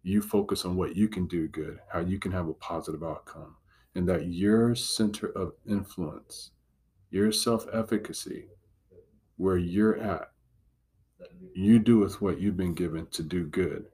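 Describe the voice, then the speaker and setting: A man's voice: low-pitched, a little slow, dark tone, slightly rough. A man giving a devotional teaching talk as a Christian motivational speaker, earnest and encouraging, driving points home with repetition.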